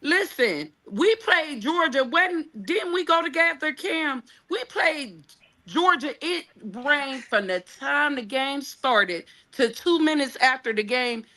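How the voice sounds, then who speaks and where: A woman's voice: high voice, lively intonation, slow, sharp tone. A woman, a player's mother, chatting in a boisterous, joking way. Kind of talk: casual chat.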